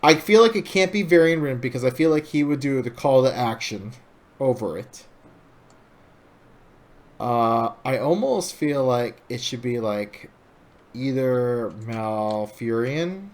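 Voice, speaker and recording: A man's voice: medium pitch, expressive, measured pace. Hesitant man podcast co-host. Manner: hesitant, heavy on "like" and "um". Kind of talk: casual podcast chat.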